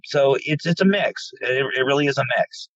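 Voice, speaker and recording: A man from central Pennsylvania, a paranormal investigator guest, telling stories casually and acting out quoted dialogue with animated delivery. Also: mid-range voice, normal speed, no room sound, lo-fi sound. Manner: animated, repeats words when starting, acts out quoted dialogue. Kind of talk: casual storytelling interview.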